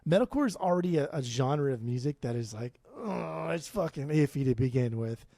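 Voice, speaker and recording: Male co-host, mellow dark tone, loose and profane delivery, dry close-miked. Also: medium pitch, fairly quick, gravelly, dry recording. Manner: profane, rambling, animated opinions. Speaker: podcast co-host. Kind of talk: casual podcast chat.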